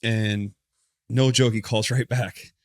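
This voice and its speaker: A man guesting on a podcast, telling animated stories about his baseball career in a casual, profane way. He often stops to correct himself. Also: on the low side, slow pace, no echo, clean studio sound. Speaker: podcast guest, former pitcher. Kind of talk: casual storytelling interview.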